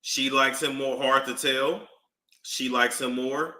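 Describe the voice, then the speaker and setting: A man with a New York accent giving casual gossip commentary, animated and drawn out, often repeating himself. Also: medium pitch, slow. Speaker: commentary streamer. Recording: echoey room.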